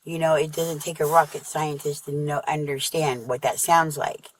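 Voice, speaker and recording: A woman answering a police officer's questions, halting often with fillers and restarts. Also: deep voice, steady tone, low-quality recording. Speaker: witness being interviewed. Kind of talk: recorded police interview. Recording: bodycam audio with background noise.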